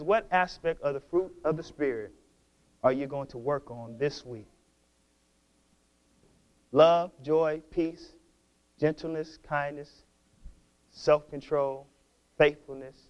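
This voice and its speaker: A man pastor with a notably high voice delivering a sermon. He exhorts his listeners, stumbles over and repeats words, and swells into loud, fervent preaching. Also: fairly even intonation, slow pace, long pauses, highs cut off.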